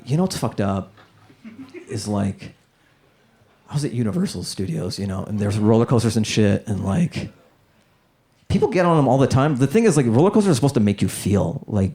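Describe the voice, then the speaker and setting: On a comedy club stage, a man with a warm, lowish voice works through new stand-up material in a loose, rambling way, packing his lines with "like." Crowd laughter comes through on the live recording.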